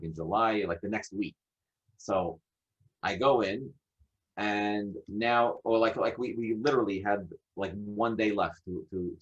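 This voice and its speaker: A man's voice: low-pitched, husky. Chatty New man telling stories. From United States. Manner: animated, acts out dialogue, many restarts. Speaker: podcast guest. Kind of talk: casual storytelling. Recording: dull lo-fi audio.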